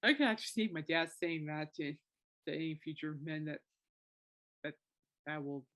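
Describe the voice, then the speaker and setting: A woman's voice: low-pitched, moderate pace, fairly bright tone. A woman in her thirties talks alone on her podcast in a loose, rambling way. Her sentences keep circling back through fillers and restarts, and her feeling shows through. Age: 30s. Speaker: podcast host. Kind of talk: casual solo podcast talk.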